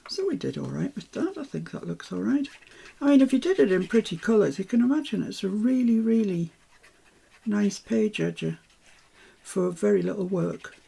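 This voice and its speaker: An older woman, working as a craft tutor, walks viewers through a live craft demonstration in a relaxed, chatty way, tossing in self-mocking asides. Her medium-pitched voice is strongly gravelly, dark, and a little husky, at normal speed.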